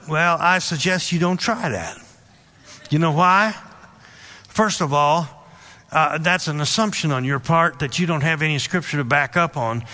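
Male preacher, higher voice, bright and forceful; storytelling sermon delivery with emphatic repeats. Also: moderate pace, gravelly.

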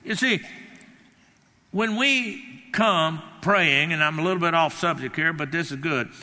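Older male preacher, emphatic sermon, sharp forceful tone, long hall reverb. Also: fairly high pitch, a little slow. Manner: emphatic, acts out quotes, rambling anecdotes.

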